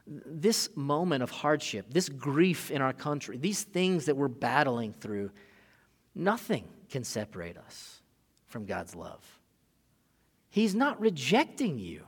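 A man preaching a sermon as pastor, shifting between casual asides and loud, emphatic scripture reading. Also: mid-range voice, slow, breathy edge. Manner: animated, rising to loud emphatic peaks when reading scripture; casual asides with filler and restarts. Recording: long hall reverb.

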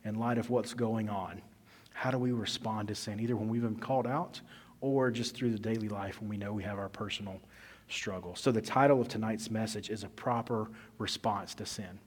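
Preaching at a normal speed, a male pastor speaks in a low, steady, slightly rough voice. The sermon unfolds like a conversation and a story, swinging from forceful emphasis to quiet asides, in a church hall with heavy echo.

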